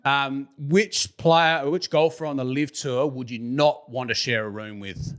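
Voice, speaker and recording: An Australian man hosting a casual podcast interview, joking and laughing as he fires off quick questions. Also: medium pitch, fairly bright tone, clear, resonant tone. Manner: jokey, laughs often, quick-fire questions. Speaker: podcast host.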